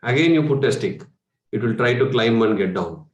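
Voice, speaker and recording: A man's voice: medium pitch, animated, moderate pace, dull audio. Indian man coaching meditation, echoey room. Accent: Indian English. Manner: conversational, rhetorical questions, chuckles. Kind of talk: spiritual workshop talk.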